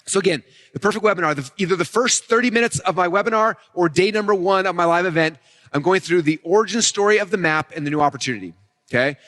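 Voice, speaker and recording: Man, live event teacher, quick energetic delivery, slightly high pitch. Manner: fast, energetic, acts out customer voices. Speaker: speaker teaching marketing.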